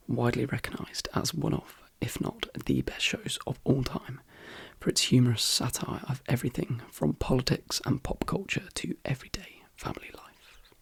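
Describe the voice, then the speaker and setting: A man hosting a soft-spoken ASMR video in a croaky, hoarse half-whisper, rambling easily between fillers. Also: mid-range voice, dry recording. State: hoarse, voice worn out. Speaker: ASMR channel host.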